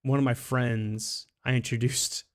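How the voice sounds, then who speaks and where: A man's voice: medium pitch, level tone, measured pace. A man streaming a game, telling long rambling stories in casual chat, often restarting and laughing at himself. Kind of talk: casual storytelling while gaming.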